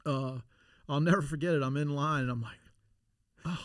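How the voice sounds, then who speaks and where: A middle-aged man telling stories in a casual interview, animated and laughing, with many restarts. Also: fairly high pitch, moderate pace, no echo, clean studio sound. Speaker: podcast guest, former Navy SEAL.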